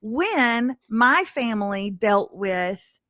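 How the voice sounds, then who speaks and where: A woman's voice: fairly high pitch, lively intonation, extremely slow, a bit bright, no room sound. A woman in her forties talking candidly in a casual conversation, easily breaking into laughter. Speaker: podcast host.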